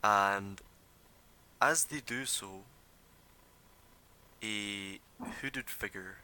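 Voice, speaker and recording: A man narrating as game master of a tabletop game, describing scenes in a relaxed, rambling way full of fillers. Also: fairly low pitch, extremely slow, a little hiss or hum.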